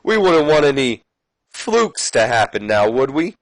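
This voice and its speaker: A man's voice: medium pitch, sing-song, a little slow, no echo, rough recording. A man voicing a smug older male wrestling manager with a sneering, mocking delivery.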